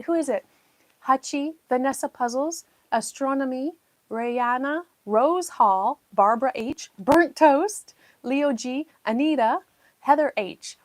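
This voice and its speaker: A woman's voice: sits high, unhurried, no echo. A woman hosting a casual livestream while she builds a jigsaw puzzle, chatting freely and thanking her viewers effusively.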